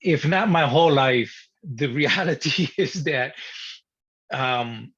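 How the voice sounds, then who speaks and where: Animated man telling a story, husky. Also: fairly high pitch, takes it slowly. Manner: animated, swearing, acting out his younger self. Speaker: guest. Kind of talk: personal storytelling. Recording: dull lo-fi sound.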